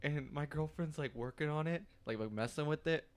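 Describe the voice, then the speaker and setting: A man's voice: a little high, a little fast. A young man, son of the host, telling stories on himself in a sheepish, self-mocking way in casual chat. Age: young adult.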